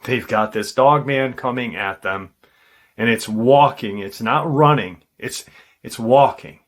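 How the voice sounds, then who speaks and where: A man with a mid-range voice hosts a paranormal channel, casually retelling a witness's encounter. His delivery is halting, full of ums and restarts.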